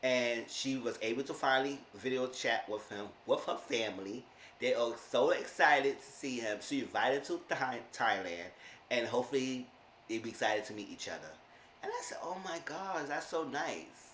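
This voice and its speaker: A man's voice: mid-range voice, moderate pace, fairly bright tone. A man casually recapping a reality TV episode for his viewers, chatty and loose, talking to them as "y'all". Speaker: YouTube show reviewer. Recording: roomy echo, distant mic, faint noise.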